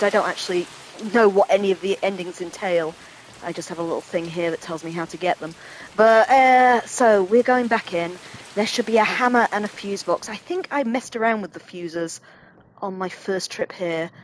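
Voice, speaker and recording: A woman's voice: medium pitch, slight background noise, rough recording. A woman casually commenting while playing a horror game, chatty and self-deprecating, thinking aloud. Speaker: let's play host.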